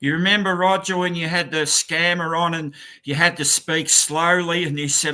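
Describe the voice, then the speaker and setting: Aussie guy in his 60s, bright voice a bit high, friendly quick banter. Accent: Australian. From Australia. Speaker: guest. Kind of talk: casual live stream chat.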